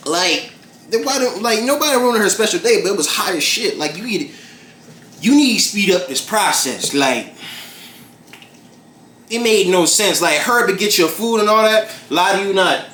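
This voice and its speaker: Young male cooking vlogger, slightly high voice, rambling and profane, echoey kitchen with faint music behind. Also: animated, moderate pace, a bit bright, a little hiss or hum. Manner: rambling, profane, fillers like "like" and "bruh". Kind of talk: casual cooking vlog with storytelling. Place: home kitchen. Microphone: camera mic. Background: background music.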